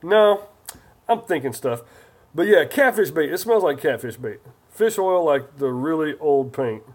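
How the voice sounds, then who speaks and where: A man's voice: on the high side, expressive, a little slow, slightly rough. A man hosting a casual live stream, chatty and jokey as he reads viewer comments aloud.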